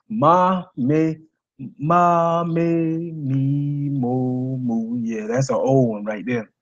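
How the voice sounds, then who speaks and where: A man's voice: medium pitch, dark tone, muffled recording. A man teaching singing to his viewers, reading tips aloud and adding casual asides with many fillers, calling the audience guys.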